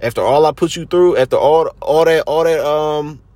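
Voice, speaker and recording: A man's voice: fairly high pitch, normal speed, a little mellow, no echo, pitched above the performer's own voice, natural voice. A man putting on the voice of a heartbroken, jilted male wrestler, complaining plaintively. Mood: hurt, complaining.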